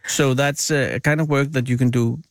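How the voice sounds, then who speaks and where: A man's voice: medium pitch, steady tone, moderate pace, dry recording, studio quality. A male radio host with a Danish accent, chatting playfully with guests in English and stumbling over words now and then. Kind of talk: casual call-in radio chat.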